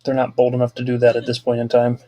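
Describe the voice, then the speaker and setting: A man's voice: medium pitch, monotone, quick pace, dry recording, muffled recording. A man co-hosting a podcast, giving dry, chatty commentary on what he is watching. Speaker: podcast co-host. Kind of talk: casual watch-along commentary.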